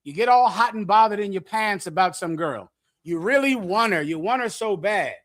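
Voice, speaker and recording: A middle-aged man preaching bluntly to young listeners, lecturing and swinging between loud and hushed delivery. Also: high voice, lively intonation, moderate pace. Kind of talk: street sermon with audience questions.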